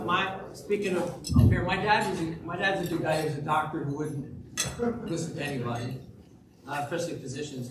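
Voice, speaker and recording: A man at a club meeting, telling folksy jokes and stories in a chatty way. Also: fairly high pitch. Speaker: Rotary club speaker. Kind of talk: joke-telling club talk. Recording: distant, echoey room with background noise.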